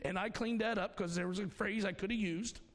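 A male pastor preaching a folksy sermon, swinging between shouts and hushed asides. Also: high voice, steady tone, brisk. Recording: long hall reverb.

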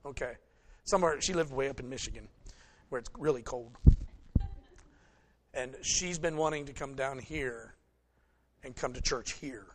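A man's voice: medium pitch, normal speed, pauses often, a bit bright, a little hiss or hum. A middle-aged man preaching a conversational sermon, folksy and joking as he talks straight to his congregation. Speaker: pastor.

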